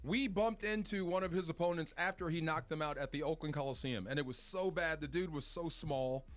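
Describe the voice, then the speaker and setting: Sports talk co-host, man, higher voice, excitable and chatty. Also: a little fast.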